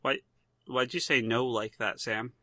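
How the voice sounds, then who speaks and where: A man cohosting a casual chat podcast, rambling through his points with plenty of fillers and the odd swear. His voice is bright and forward, sitting at an ordinary pitch. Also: steady tone, unhurried, dry recording.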